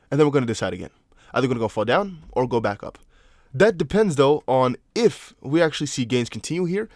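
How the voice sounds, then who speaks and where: This young adult man, a non-native English speaker, hosts a relaxed crypto live stream in a fairly high voice. He chats loosely and answers viewer comments with restarts and apologetic asides, and the studio-quality audio has no echo.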